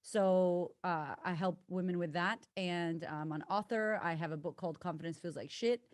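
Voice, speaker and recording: An American woman who coaches women on confidence, talking as a podcast guest, effusive, swearing, with bursts of excitement. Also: on the low side, normal speed, no room sound, studio quality. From United States. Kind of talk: casual podcast interview.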